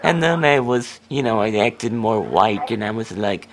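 A man telling a story in a comedy sketch, in a deadpan, unhurried way. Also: on the low side, slight background noise.

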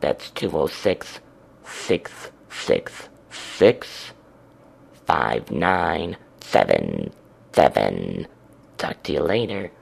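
A man's voice: a bass voice, huge pitch swings, slow pace, creaky, husky. A man hosting a radio show in a crude, sassy drag persona, drawling and foul-mouthed.

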